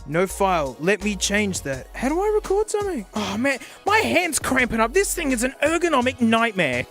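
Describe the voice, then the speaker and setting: Aussie guy reviewing a gadget, excitable and sarcastic, voice jumps all over. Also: extremely high pitch, moderate pace, faint music behind. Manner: excitable and sarcastic, laughs often. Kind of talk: casual product review vlog.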